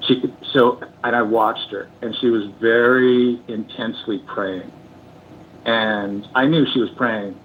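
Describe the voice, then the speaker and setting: An older man calling in, recounting his turn away from drinking in an earnest, halting way, close to tears. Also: medium pitch, fairly even intonation, a little hiss or hum. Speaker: call-in guest. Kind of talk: emotional personal testimony. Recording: tinny phone line.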